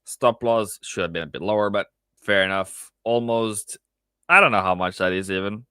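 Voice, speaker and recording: A man trader on a live stream, chatting casually about his trades with animated repeats, asides and laughs. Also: fairly low pitch, moderate pace, clear, resonant tone, no room sound.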